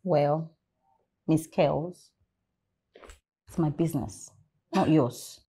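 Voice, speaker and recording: A woman's voice: low voice, very slow, warm tone, husky, full character voice. An actress playing a defensive young woman with a Nigerian accent who waves off her friends' worry. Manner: defensive, dismissive.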